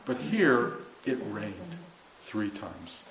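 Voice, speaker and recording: A man's voice: on the low side, very animated, drawn-out words, gravelly, a bit bright. An older man telling a long personal story to a group, self-mocking, acting out what people said in a raised voice. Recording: roomy room with faint hiss.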